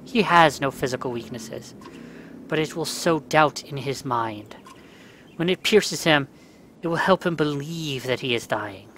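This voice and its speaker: Speaking at a measured pace in a fairly high, bright voice with a little hiss or hum in the background, a let's play gamer works through a story game. He reads each part aloud in his own voice and bursts into angry cursing at control glitches.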